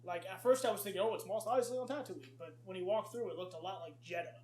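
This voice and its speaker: A man co-hosting a casual podcast chat, excited and quick to laugh. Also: high-pitched, echoey room. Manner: excited, laughs often, quotes movie lines. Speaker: podcast co-host.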